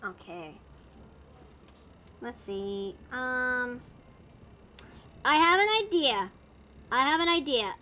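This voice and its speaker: A woman's voice: sits high, lively intonation, takes it slowly, pauses often, sharp tone, slight background noise. A woman chatting casually while drawing on her art stream, narrating her steps in a playful way.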